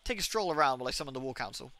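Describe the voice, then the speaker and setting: A man's voice: medium pitch, animated, rapid-fire, bright, forceful tone, no room sound, voice pushed down. A man voicing a proud male rat chief engineer in a game, speaking in a welcoming way.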